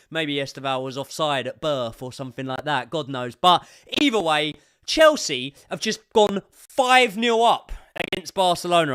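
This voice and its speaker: A young man giving sweary live commentary as a football fan on a watchalong stream, swinging from muttering to shouting. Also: mid-range voice, dry recording, clean studio sound.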